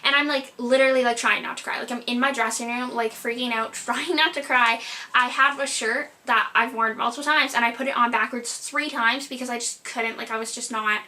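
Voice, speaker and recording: Bright-voiced young woman telling a story. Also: fairly high pitch, fairly even intonation, fairly quick. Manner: rambling, filler-heavy retelling, lots of "like". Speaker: vlogger. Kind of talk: storytime vlog.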